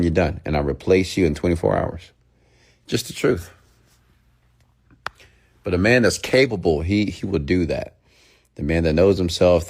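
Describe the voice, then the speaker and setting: A man giving a blunt, lecturing motivational monologue, sometimes dropping to a hushed near-whisper. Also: sits low. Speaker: motivational speaker.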